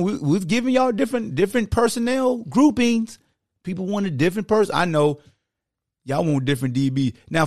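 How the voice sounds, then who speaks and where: A man hosting a podcast, breaking down football technique in a casual, animated, slangy coaching manner. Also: a little high, no echo, clean studio sound. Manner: slangy, conversational. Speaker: podcast host.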